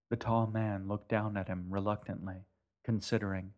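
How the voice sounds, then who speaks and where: A man narrating a story in a calm, measured way. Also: fairly low pitch. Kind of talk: scripted narration.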